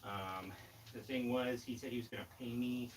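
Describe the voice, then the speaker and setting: A man hosting a casual livestream from his garage, telling rambling deadpan tall tales full of fillers. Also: medium pitch, moderate pace, noisy background. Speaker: livestream host. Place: home garage workshop. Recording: loud music over the voice. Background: loud music.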